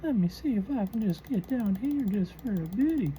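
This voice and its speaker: Woman doing a croaky old-timer voice, high and thin, throaty, slow drawl. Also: animated, dark tone, slight background noise, natural voice, poor audio. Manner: drawn-out, slowed speech.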